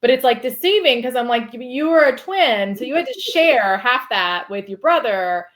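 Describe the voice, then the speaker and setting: A woman guest on a podcast, telling a story in a lively, casual way, laughing often and saying "like" a lot. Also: on the high side, normal speed. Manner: animated, laughs often, heavy use of "like".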